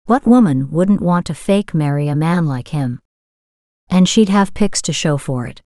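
A woman narrating a romance novel as an audiobook, in a smooth, steady storytelling manner. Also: sits low, unhurried, no echo, clean studio sound.

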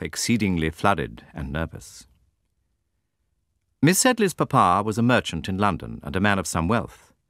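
A man with a low voice narrates a classic novel, measured and expressive. His pitch moves a great deal from line to line. The recording is dry and close, with no room sound. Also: no echo. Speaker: audiobook narrator.

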